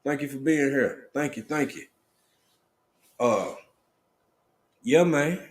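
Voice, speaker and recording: A man with a slightly high voice hosts a casual live stream, speaking slowly in a relaxed drawl and greeting viewers by name with sudden excited outbursts.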